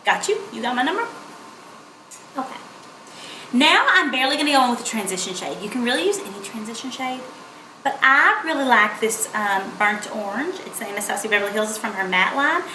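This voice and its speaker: A woman's voice: fairly high pitch, sing-song, brisk, sharp tone, slight background noise. A young woman, chatting playfully through a makeup tutorial. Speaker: beauty vlogger. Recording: echoey room.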